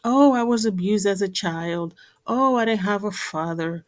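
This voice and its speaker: A woman's voice: medium pitch, measured pace, natural voice. A woman voicing a manipulative man who plays the victim and makes whiny excuses. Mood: self-pitying. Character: manipulative man playing the victim, self-pitying.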